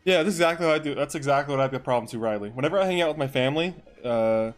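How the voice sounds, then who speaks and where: A man's voice: mid-range voice, expressive, rapid-fire, faint music behind. Young man streamer, casual and joking. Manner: loose, joking, swears freely, laughs often. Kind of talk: casual live-stream chat during game role-play.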